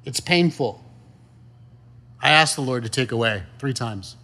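A man's voice: mid-range voice, measured pace, bright, forceful tone. A man preaching a sermon in a conversational, folksy way, full of rhetorical questions and asides. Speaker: pastor.

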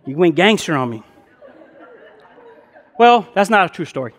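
High-voiced man telling a story from the pulpit. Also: normal speed, a faint crowd, a little hiss or hum. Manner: chatty storyteller full of "man" and "bro" with many fillers; animated, jumps high in pitch when acting out excitement. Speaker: pastor. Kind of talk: sermon opened with a casual told anecdote.

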